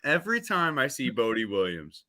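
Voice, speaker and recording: A wrestler chatting on a podcast in a mock-serious, deadpan way. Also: male voice, medium pitch, normal speed, a loud crowd. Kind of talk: casual podcast chat.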